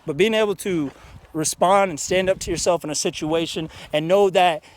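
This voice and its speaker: A man's voice: high voice, normal speed, slight background noise. A man vlogging outdoors in a canyon, giving a casual motivational talk that is earnest, frank and full of swearing. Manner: earnest, frank and profane, with many restarts.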